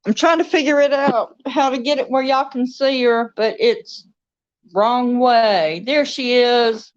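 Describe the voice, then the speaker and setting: A woman with a fairly high voice chats slowly and easily to her viewers. She sits in her dining room at home and talks to her pets between thoughts. The recording sounds dull and lo-fi. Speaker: crafter and video host. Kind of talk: casual chat to viewers.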